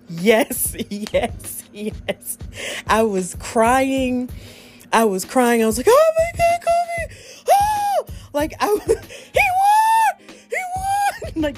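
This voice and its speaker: Podcast host, woman, casual and emotional storyteller, light laughter, soft music bed. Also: medium pitch. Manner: emotional, gushing, laughs often.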